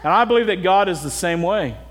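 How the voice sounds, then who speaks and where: Middle-aged pastor guy preaching, high voice, keeps asking the crowd stuff, big echoey church. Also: lively intonation, brisk, fairly bright tone. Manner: earnest, direct, asks the congregation questions. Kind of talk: sermon.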